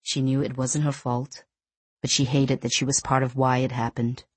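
A woman reads a novel aloud in a low, measured voice. Her storytelling is steady and even. The sound is close and dry. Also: husky, no echo. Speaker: audiobook narrator. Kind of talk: scripted narration.

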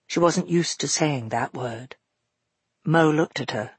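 A man narrating an audiobook in a calm, even manner. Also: a little high, slow pace, slightly rough, no room sound.

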